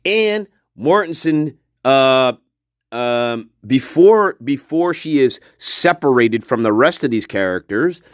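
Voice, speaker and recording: Slow, animated, blunt male commentator. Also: mid-range voice, dry recording, clean studio sound. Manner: blunt, mocking, swears freely; chuckles between remarks. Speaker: true-crime commentary host. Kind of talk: casual video commentary.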